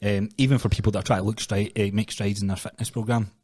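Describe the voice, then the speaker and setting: A Scottish man and personal trainer co-hosting a casual podcast, telling sweary, animated stories with quick restarts. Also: lowish voice, breathy edge, dry recording, clean studio sound.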